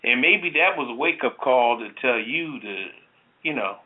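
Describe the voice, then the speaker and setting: A man's voice: medium pitch, animated, moderate pace. Rambling talk show host man. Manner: rambling, full of "you know" and restarts. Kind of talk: casual chat. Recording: tinny phone-like sound.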